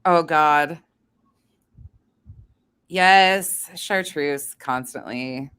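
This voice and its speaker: A woman's voice: deep voice, very slow, a bit bright, clean tone. A woman hosting a casual livestream chat, blunt and profane, laughing often as she talks to her chat. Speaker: livestream host.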